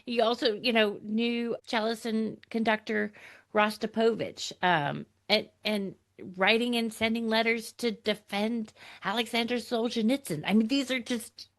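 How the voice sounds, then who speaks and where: A woman's voice: on the high side, fairly even intonation, measured pace. A woman hosting a podcast interview, prompting her guest with encouragement and easy laughter. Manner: warmly encouraging, laughs along. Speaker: podcast host. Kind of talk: casual interview chat.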